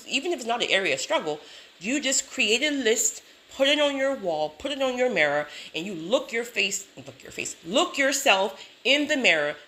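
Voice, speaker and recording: Lively, bright-voiced sassy woman. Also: on the high side, slight background noise. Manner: sassy, emphatic, repeats catchphrases; laughs often, animated storytelling. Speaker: self-help vlogger. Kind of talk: motivational talk to camera.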